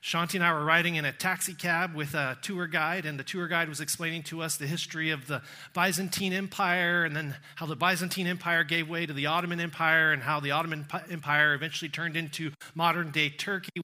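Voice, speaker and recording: A middle-aged man with a Texan accent preaching a sermon, telling a travel story with quoted voices and slowing down to stress key words. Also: on the high side, fairly even intonation, sharp tone. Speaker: pastor.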